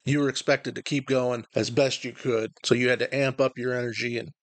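A man's voice: mid-range voice, fairly quick, no echo. A man hosting a podcast, talking casually about a poetry slam and a bit crude. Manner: conversational, relaxed, a bit crude. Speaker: podcast host. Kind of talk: casual storytelling.

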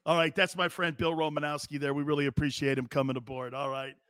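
A middle-aged man hosting a sports talk show in casual chat, excitable, breaking into loud laughs and repeating himself. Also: fairly high pitch, fast, very noisy.

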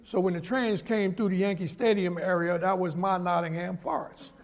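A man's voice: high voice, normal speed, a little hiss or hum. A man, telling stories in an interview and acting out the people he quotes. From New York. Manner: animated storyteller who acts out the people he quotes. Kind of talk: storytelling interview.

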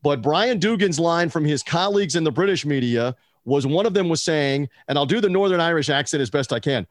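A man's voice: a little high, expressive, fairly quick, hardly any pauses, no room sound, studio quality. A man hosting a podcast, telling stories in an enthusiastic, rambling casual chat. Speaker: podcast host.

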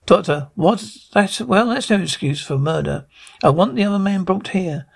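A man's voice: sits high, expressive, moderate pace, gravelly, husky, full character voice. A man reading an indignant eccentric traveller. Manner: insistent, morally outraged.

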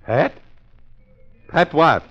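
An actor playing a polite, sly police officer in a 1940s radio drama, with a smooth, mock-courteous manner and dry wit. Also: male voice, a little high, animated, very slow, a bit bright, exaggerated voice. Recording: lo-fi old radio broadcast.

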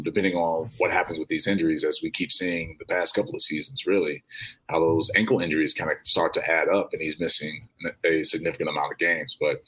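A man's voice: very deep voice, bright, forceful tone, breathy edge, low-quality recording. A man from Chicago, co-hosting a podcast in casual sports chat, loose and rambling with lots of fillers. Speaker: podcast co-host.

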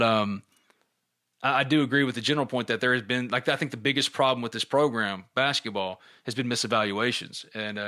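A man's voice: medium pitch, pushed and bright. A middle-aged man hosting a podcast, chatting casually and reading listener questions aloud.

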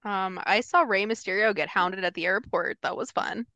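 A woman's voice: mid-range voice, moderate pace, bright, forceful tone, no echo. A woman co-hosting a casual chat, talking to her listeners in a chatty way and laughing often. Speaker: podcast co-host.

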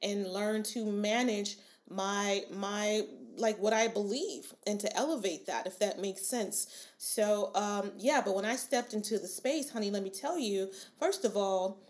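A chatty young woman hosting her own podcast, talking straight to her listeners with lots of asides and restarts. Her voice sits at an ordinary middle pitch, and she laughs easily between thoughts. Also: measured pace, few pauses. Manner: frequent fillers and restarts, laughs often. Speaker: podcast host. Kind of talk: casual solo podcast chat.

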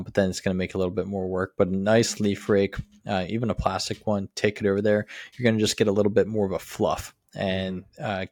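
A man co-hosting a lawn care podcast, explaining steps in a relaxed way with many fillers. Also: low voice, no room sound, studio quality. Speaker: podcast co-host. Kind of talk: casual how-to chat.

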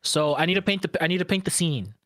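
A young man telling a crude story in casual podcast chat, breaking into loud indignant outbursts. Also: high voice, fast talker, dry recording, clean studio sound. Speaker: podcast co-host.

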